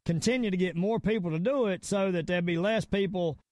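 A middle-aged man with a Southern US accent from the Virginia/North Carolina area hosts a podcast, delivering a casual rant and sign-off. His voice sits high and sounds brisk and a little mellow, recorded dry with studio quality. He rambles emphatically, repeating words.

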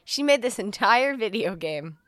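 A woman co-hosting a podcast in casual chat, reacting with quick jokes and laughs. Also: on the high side, fairly bright tone, dry recording, clean studio sound. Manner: joking, quick wisecracks and laughter. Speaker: podcast co-host.

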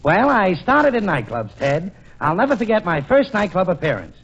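A man does a 1940s radio stand-up routine with mock-grand showman patter, his voice high and animated. The old broadcast sound is muffled, with a loud band and a roaring live audience behind him. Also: moderate pace, vocal fry, a little hiss or hum. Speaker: comedian guest. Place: radio studio stage before a live audience.

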